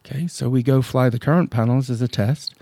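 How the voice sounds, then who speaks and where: A man's voice: mid-range voice, a little fast, creaky, dark tone, a little hiss or hum. A man who owns a drone company, a podcast guest telling blunt, emphatic stories and acting out his clients' lines. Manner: blunt, emphatic storytelling that acts out client dialogue. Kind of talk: casual podcast interview.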